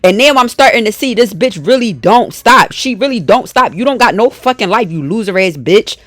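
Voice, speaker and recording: A woman's voice: mid-range voice, animated, moderate pace, fairly bright tone, no echo, studio quality. A woman telling a storytime vlog as a heated, profane rant, often breaking off and restarting her sentences. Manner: trails off and restarts mid-sentence.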